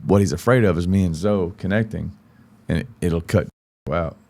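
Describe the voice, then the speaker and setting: Deep, gravelly Southern man telling stories. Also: normal speed. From from Arkansas. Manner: profane, animated storyteller acting out quotes. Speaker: guest country singer. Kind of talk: casual storytelling on a podcast.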